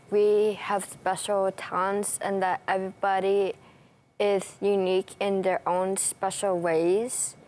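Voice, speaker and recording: A woman's voice: mid-range voice, darkish tone. A young woman athlete answering interview questions in short, plain sentences. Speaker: athlete guest.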